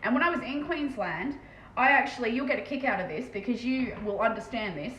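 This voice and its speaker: A woman with an Australian accent chatting fast and casually on a live stream as she paints terrain, swearing freely. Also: on the high side, animated, fairly bright tone. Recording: echoey room with faint background noise.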